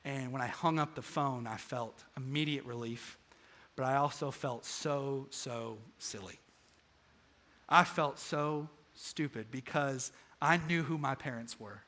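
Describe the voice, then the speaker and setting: A man's voice: medium pitch, measured pace, pushed and bright. A young man preaching a sermon to a live congregation, telling a personal story earnestly and building to emphatic peaks. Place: stage in front of a live congregation.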